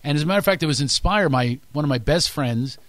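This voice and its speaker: Fast-talking Philly comedian, dry close voice. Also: male voice, fairly high pitch, animated, no echo. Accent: Philadelphia. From Philadelphia. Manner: rapid storytelling, quick to launch into bits. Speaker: comedian guest. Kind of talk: interview chat with joke bits.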